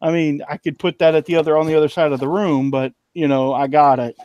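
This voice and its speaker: A man's voice: on the high side, fairly even intonation, fast talker, a little mellow, dry recording, muffled recording. A middle-aged man in a casual late-night stream chat. He talks in a folksy, rambling way and repeats his words. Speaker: reseller on a live stream.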